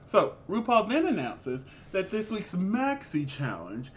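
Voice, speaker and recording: A man co-hosting a casual review chat, animated and exclamatory, with sassy asides. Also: high-pitched, unhurried, slight background noise. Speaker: co-host reviewing a reality show.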